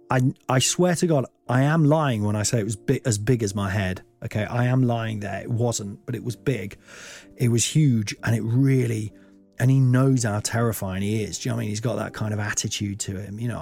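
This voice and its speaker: A man's voice: medium pitch, darkish tone. A middle-aged man and comedian hosting a podcast, telling a rambling, self-deprecating comic monologue full of swearing.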